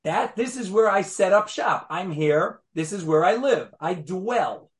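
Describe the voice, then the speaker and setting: Animated high-voiced man teaching Torah class. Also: a little slow. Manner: animated, emphatic, rhetorical questions.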